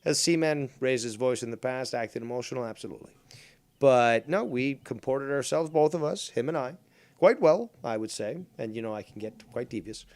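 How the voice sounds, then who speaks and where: A man hosting a podcast, ranting loudly and with lots of swearing, sometimes mocking other people's voices. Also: mid-range voice, lively intonation, moderate pace, dry recording. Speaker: podcast host. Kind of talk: heated casual chat.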